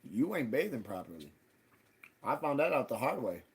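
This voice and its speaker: Husky-voiced man ranting profanely. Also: moderate pace. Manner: animated, profane, swings loud and high when quoting people. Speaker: livestream host. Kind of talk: casual profane ranting monologue.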